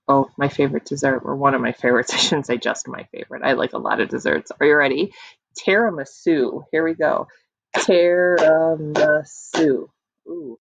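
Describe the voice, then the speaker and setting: A woman teacher with a gravelly, husky voice gives an encouraging online early-reading lesson, drawing words out slowly for the children to clap along. Her voice is recorded dry and close, and the sound is a little dull and lo-fi. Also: low voice, dry recording. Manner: encouraging, stretches words out slowly for clapping syllables. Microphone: computer mic.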